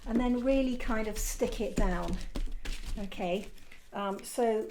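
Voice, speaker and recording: A woman's voice: a little high, takes it slowly, darkish tone, a little hiss or hum. A woman art teacher giving a casual, rambling demonstration lesson, encouraging and often correcting herself.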